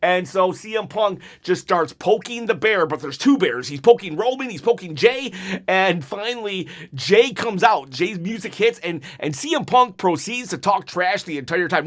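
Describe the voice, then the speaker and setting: A man with a fairly high voice talks through what happened on the show in a loose, rambling way. He restarts often and jumps up in pitch whenever he acts out what someone said. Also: expressive, normal speed, a bit bright. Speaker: wrestling commentary channel host. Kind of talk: casual recap and opinion.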